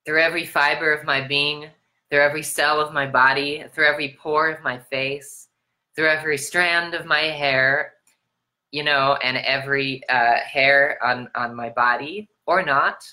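This self-love sermon comes from an American spiritual coach whose voice is steady, sharp and a little slow. She preaches through a string of repetitive rhetorical questions, curses freely, and her pitch rises and falls dramatically.

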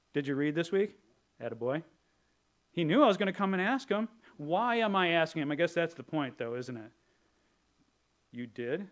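A pastor preaches a sermon in a relaxed, conversational manner, his voice pitched a bit above the typical male range. He jokes with the congregation and now and then slips into playful character voices.

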